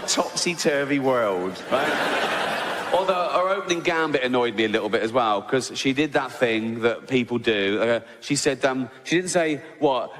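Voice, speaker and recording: A man's voice: on the high side, in a large hall, heavy background noise. A man with an English accent doing a stand-up routine, telling stories loosely and profanely and tagging lines with "right?", recorded live in a comedy venue. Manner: loose, profane storytelling with constant "right?" tags.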